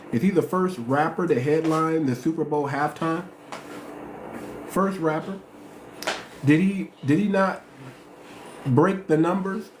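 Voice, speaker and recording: A man hosts a casual live stream in slangy, emphatic talk, circling back to his points. His voice sits a little high for a man. The room rings with echo over a faint hiss. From United States. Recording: roomy echo, faint noise.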